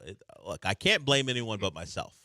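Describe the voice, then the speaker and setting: A man hosting sports talk radio, wry and animated, teasing his callers. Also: on the low side, normal speed, no room sound, studio quality.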